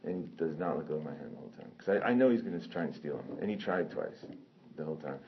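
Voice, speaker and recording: A man telling a personal story in a casual, animated way, swearing often and correcting himself as he goes. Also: very deep voice, quick pace. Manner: animated, profane, rambling with self-corrections. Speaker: storyteller recounting a personal incident. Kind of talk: casual spoken anecdote. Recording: dull lo-fi sound with faint noise.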